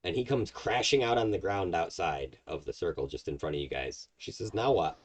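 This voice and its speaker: A man's voice: low-pitched, big pitch swings, brisk. A man narrating as game master of a tabletop game, explaining at length with many fillers. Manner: rambling, filler-heavy explaining.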